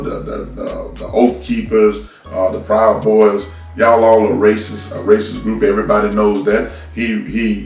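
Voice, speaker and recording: A man ranting bluntly and scolding his listeners, stumbling over repeated words as he talks into a phone from a distance. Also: on the low side. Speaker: commentary host. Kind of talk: unscripted political rant. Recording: roomy, from a distance off the mic.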